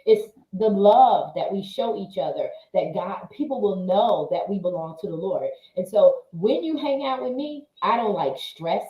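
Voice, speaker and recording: A woman's voice: mid-range voice, expressive, moderate pace, few pauses, roomy sound, muffled recording. A woman hosting a casual group chat, affectionate and playful, speaking with faith. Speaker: host and life coach.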